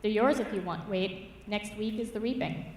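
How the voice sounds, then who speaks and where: A woman reading aloud and voicing a fierce, determined young farm girl who pleads and shouts in a raised voice. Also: normal speed, natural voice. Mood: earnest. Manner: pleading, raised high and loud. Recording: echoey church hall from far off.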